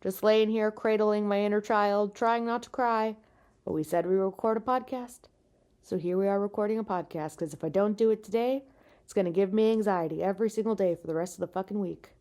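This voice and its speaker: A woman's voice: medium pitch, a little fast, darkish tone. A tired woman hosting a podcast, venting frankly and with a lot of swearing while lying in bed with no proper microphone. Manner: frank, profane, self-deprecating venting. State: exhausted. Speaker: podcast host; stand-up comedian. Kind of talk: casual solo podcast monologue. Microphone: no podcast microphone, makeshift mic.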